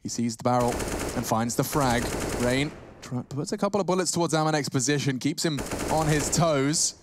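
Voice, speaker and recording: A man giving lively play-by-play commentary on a competitive game, breaking into shouts at big moments. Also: medium pitch, normal speed, noisy background. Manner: excitable, bursts into shouts at big plays. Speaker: esports caster.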